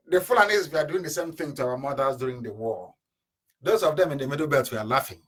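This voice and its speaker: A man giving an impassioned political radio address, with rhetorical questions and sudden bursts of shouting. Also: medium pitch, lively intonation, fast talker. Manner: fiery, rhetorical, mocking laughter, sudden shouts and drops. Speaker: radio broadcaster. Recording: live internet radio broadcast.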